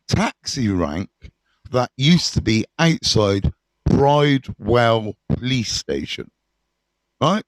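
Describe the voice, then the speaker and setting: A middle-aged man, telling his story to camera in a candid, animated way, swearing freely and full of fillers. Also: mid-range voice, dry recording.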